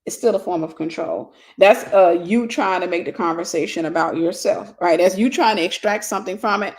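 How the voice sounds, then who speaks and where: A woman's voice: on the low side, brisk. A woman talks through a ministry lesson in a casual, conversational way. She often says a line twice to drive it home and fills gaps with easy fillers. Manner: repeats key phrases for emphasis. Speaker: ministry host and teacher. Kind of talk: informal spoken teaching.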